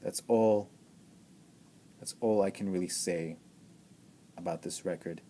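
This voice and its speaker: A man's voice: sits low, fairly even intonation, a little slow, mellow, a little hiss or hum. A man giving an enthusiastic album review, gushing and repeating himself with many stammered restarts. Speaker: music reviewer.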